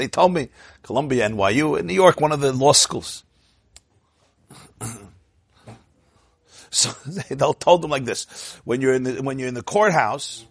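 A man giving a lively storytelling talk, laughing often and shouting out his punchlines, with Yiddish and Hebrew phrases mixed in. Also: medium pitch, gravelly, husky, no echo, clean studio sound. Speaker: Torah speaker.

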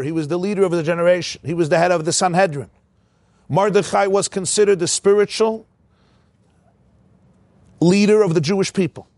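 A man leads a text-study lecture, raising a question and then working through the answer. His voice sits fairly high with a gravelly edge. The sound is close and dry. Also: dry recording. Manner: explains by posing rhetorical questions. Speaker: Torah teacher.

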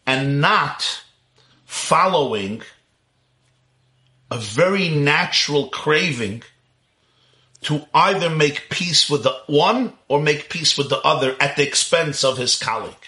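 Man, religious lecture on kabbalah, somewhat high voice, bright and forceful, animated, rhetorical questions. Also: takes it slowly, pauses often. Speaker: teacher of Kabbalah.

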